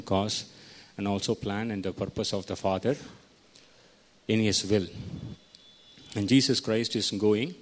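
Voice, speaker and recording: A man preaching a sermon, teaching verse by verse and putting questions to his listeners. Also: lowish voice. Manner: teaching, asks the congregation questions.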